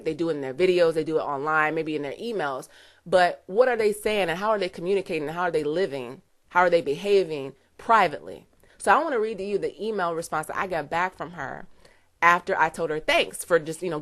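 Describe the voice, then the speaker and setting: A woman's voice: lowish voice, fairly bright tone. Earnest emotional woman giving a testimonial. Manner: earnest, heartfelt, many "you know" fillers. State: emotional, near tears. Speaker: network marketer giving a testimonial.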